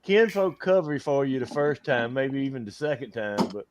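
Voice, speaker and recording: A man's voice: mid-range voice, moderate pace, noisy background. Man in a group call, teasing and chuckling, mid-range voice. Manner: teasing, laughs often. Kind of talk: casual group chat.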